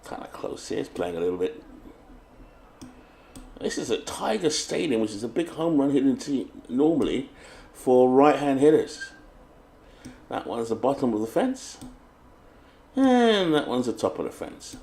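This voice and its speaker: A man's voice: medium pitch, big pitch swings, a little slow, creaky, pauses often, dark tone. British man, tabletop game host, chatty setup talk and announcer-style lineup calls, mid-range voice. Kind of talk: casual tabletop game commentary.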